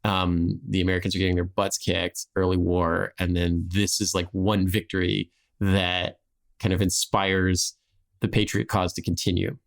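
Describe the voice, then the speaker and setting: A man's voice: sits low, little pitch movement, moderate pace, gravelly. A man hosting a podcast, telling a history story in a rambling, casual way with frequent restarts and laughs.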